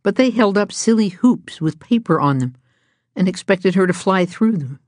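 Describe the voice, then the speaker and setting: A woman reading a storybook aloud in a gentle, even storytelling manner. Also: medium pitch, normal speed, no echo, studio quality. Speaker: narrator.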